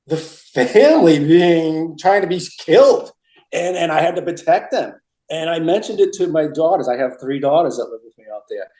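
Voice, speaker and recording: Telling stories in a laid-back interview, a middle-aged man from Massachusetts rambles and keeps repeating and restarting. His voice is slightly high with a dark tone, on a rough, reverberant recording.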